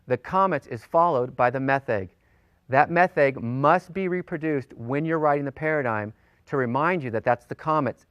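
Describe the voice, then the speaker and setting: A man's voice: fairly high pitch, dry recording, dull audio. Man teaching a recorded language lesson. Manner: deliberate, repeats forms slowly for drilling. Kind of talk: recorded lecture.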